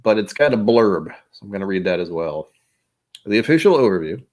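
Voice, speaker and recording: Low-voiced rambling livestream host. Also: male voice, lively intonation, fairly quick, darkish tone. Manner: rambling, self-deprecating, with frequent restarts. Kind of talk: casual livestream chat.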